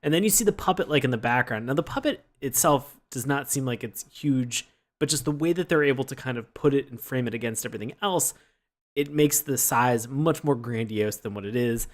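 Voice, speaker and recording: A man co-hosting a podcast, chatting casually about a cartoon, often laughing and acting out lines in a high yelp. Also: fairly quick. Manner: laughs often, acts out quotes in high yelps. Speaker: podcast co-host. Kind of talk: casual review chat.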